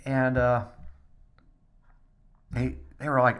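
A man, a pastor, giving a podcast devotional talk, dropping to a soft near-whisper at times and lifting into excited bursts. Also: lowish voice, unhurried.

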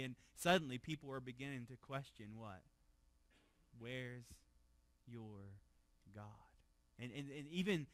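Higher-pitched pastor preaching a sermon. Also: male voice, no room sound. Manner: conversational, repeats words, asks the room questions; swings from loud emphasis to hushed low tones.

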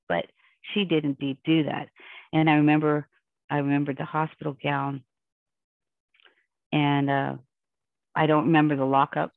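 Woman guest rambling through an emotional story, gravelly voice, sounds like a phone call. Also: low-pitched, no room sound. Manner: intense, rambling, emotional retelling. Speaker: podcast guest. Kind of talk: personal storytelling in an interview. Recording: dry, tinny phone-line sound.

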